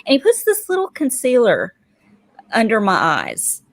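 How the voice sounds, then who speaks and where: A woman's voice: on the high side, normal speed. A woman, co-hosting a podcast and telling a story in casual chat, acting out the people in it. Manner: animated, acts out quoted people mid-story. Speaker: podcast co-host.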